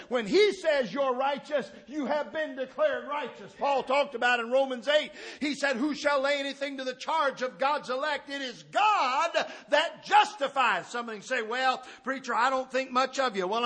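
Male preacher, sermon, high voice, bright tone, shouting then hushed. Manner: impassioned, rising to shouts then dropping low.

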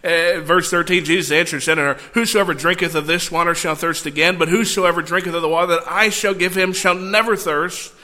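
A man preaching a sermon, reading scripture and breaking into animated, conversational asides. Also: fairly high pitch, fairly quick, hardly any pauses. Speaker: pastor. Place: church sanctuary. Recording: long church hall reverb.

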